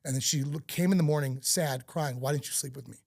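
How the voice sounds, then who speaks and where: A man of middle pitch with a gravelly edge hosts a casual podcast talk. He speaks candidly and from the heart as he tells a personal story, close and dry on the mic. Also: fast talker, darkish tone, no echo. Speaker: podcast host.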